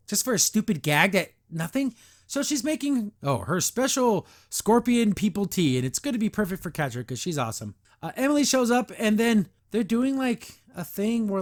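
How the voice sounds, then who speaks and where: High-voiced exasperated male podcast host. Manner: exasperated and sarcastic, frequent "like" fillers. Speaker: podcast host reviewing a cartoon. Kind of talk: casual review commentary.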